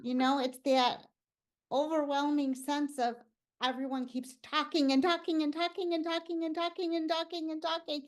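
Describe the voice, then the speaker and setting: A woman in a live improv scene, playing a shy, easily stressed woman who wants quiet, speaking hesitantly with trailing phrases. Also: sits high, level tone, moderate pace, close to an everyday voice. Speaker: improv performer.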